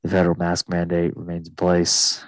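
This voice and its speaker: A man imitating a calm airline captain making a slow, soothing cabin announcement. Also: low voice, no room sound, pitched below the performer's own voice, close to an everyday voice. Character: smooth, calm male airline captain on the intercom.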